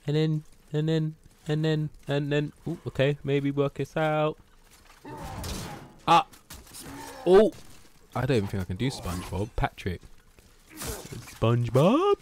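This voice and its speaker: A man streaming a video game live, chatting casually, swearing, shouting at the game and teasing his cat. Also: medium pitch.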